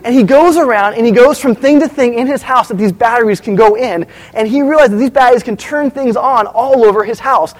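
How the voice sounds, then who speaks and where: A man's voice: extremely high pitch, fairly quick, hardly any pauses, rough recording. A man preaching a sermon as pastor, telling stories and asking the congregation questions. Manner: storytelling, animated, asks the audience questions.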